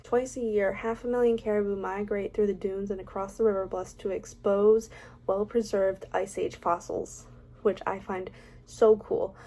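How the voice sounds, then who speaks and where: A young woman talking to her camera in a casual ranking vlog. She reads out facts in a chatty voice and keeps breaking in with opinionated, self-mocking remarks. Her pitch sits in a middle range. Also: mellow. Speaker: vlogger.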